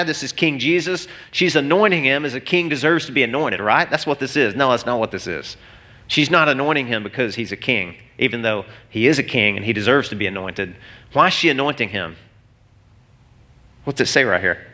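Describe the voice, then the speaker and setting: A man's voice: medium pitch, animated, brisk, pushed and bright. A man preaching a sermon in an earnest, emphatic way, asking the listeners questions as he goes. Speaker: pastor.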